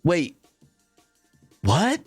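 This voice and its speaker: A man's voice: a little high, huge pitch swings, extremely slow, breathy edge, no room sound, faint music behind. A man streaming, giving casual reaction commentary in a profane, sarcastic, rambling way full of fillers.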